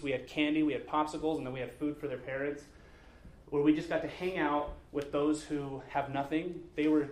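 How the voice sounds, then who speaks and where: Male pastor, 30s, conversational sermon delivery with light humor; slightly higher voice, roomy sanctuary sound. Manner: conversational storytelling preacher, earnest with light humor. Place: church sanctuary. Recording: echoey church sanctuary.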